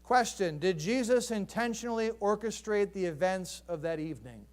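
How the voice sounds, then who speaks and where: Pastor guy with a high voice, chatty sermon, lots of "right?" questions to the congregation. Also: animated, normal speed. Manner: conversational, asks the congregation rhetorical questions.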